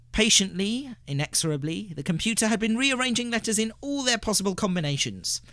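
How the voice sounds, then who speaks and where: A man hosting a radio show, reading a story aloud with expressive narration. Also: on the high side, no room sound. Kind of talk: scripted narration.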